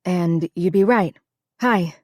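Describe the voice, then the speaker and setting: An easygoing young woman talking about her dog, as a woman narrator voices her, plain and relaxed on a lowish voice. The reading is dry and close. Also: slow pace, no echo. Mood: friendly.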